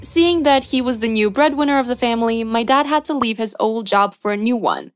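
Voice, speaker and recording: A woman reading a scripted first-person story with steady storytelling delivery. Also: on the high side, fairly quick, no room sound. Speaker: story narrator.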